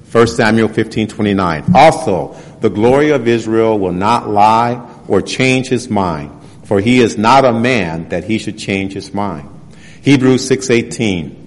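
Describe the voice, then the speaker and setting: A man preaching a sermon. He reads scripture passages slowly and presses his points with rhetorical questions. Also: lowish voice, darkish tone. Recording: long hall reverb.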